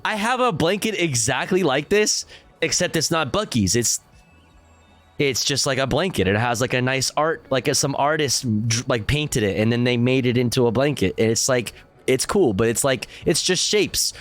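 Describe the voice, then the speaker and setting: A man's voice: medium pitch, animated, normal speed, fairly bright tone, faint music behind. A man streaming live reactions, talking casually and crudely with lots of swearing and rambling asides.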